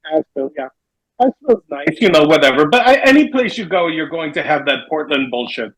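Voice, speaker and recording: Dry, sardonic man, fairly high voice. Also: expressive, fast talker, fairly bright tone, poor audio. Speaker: podcast co-host. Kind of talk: casual podcast chat.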